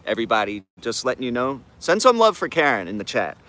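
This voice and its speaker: A man's voice: mid-range voice, sing-song, quick pace, sharp tone. A man hosting a live morning affirmation stream, talking in laid-back slang and greeting chat viewers by name. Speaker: livestream host.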